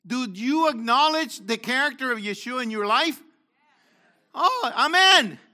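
Preaching to a congregation he questions and calls on by name, an older man alternates between loud urging and soft asides. He speaks in a very high pitch with lively intonation, never rushing.

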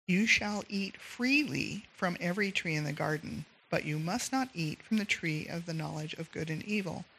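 A woman's voice: lowish voice, fairly bright tone, rough recording. Woman reading scripture aloud, faint hiss. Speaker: scripture reader.

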